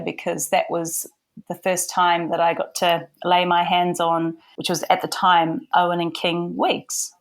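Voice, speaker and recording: Middle-aged New woman, low voice, relaxed chatty guest who fills pauses with "you know". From New Zealand. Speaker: guest, hair and makeup artist. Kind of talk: casual storytelling interview.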